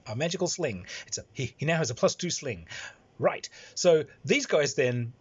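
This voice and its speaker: A man recounts a tabletop campaign as its game master. He rambles, full of ums and chuckles, in a husky voice at middling pitch. The recording sounds dull and lo-fi. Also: expressive, normal speed. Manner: rambling, lots of fillers and chuckles. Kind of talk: anecdotal storytelling.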